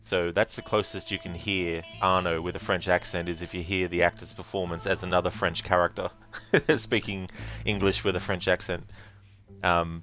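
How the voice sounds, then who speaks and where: Deep, flat-voiced male game streamer. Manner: rambling, many fillers. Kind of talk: casual commentary.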